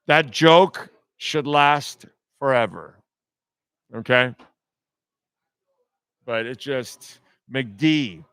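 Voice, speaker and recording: Man, sports radio host, sarcastic profane rant, unhurried delivery, smooth resonant voice. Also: mid-range voice, fairly bright tone, dry recording. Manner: blunt, sarcastic, profane ranting.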